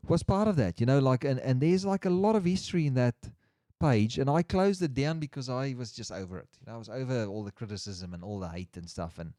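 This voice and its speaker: Mellow-voiced man chatting on a livestream. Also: medium pitch, animated, a little fast, no echo, studio quality. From Australia. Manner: rambling, restarts sentences often, reads chat aloud. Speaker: livestream host. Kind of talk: casual livestream chat.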